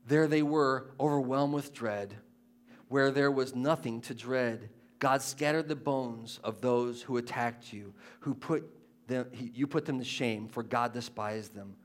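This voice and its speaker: A man preaching a sermon, moving between quiet, conversational asides and loud, impassioned scripture readings, often asking the listeners questions. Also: mid-range voice, a little slow. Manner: conversational, asks the audience questions.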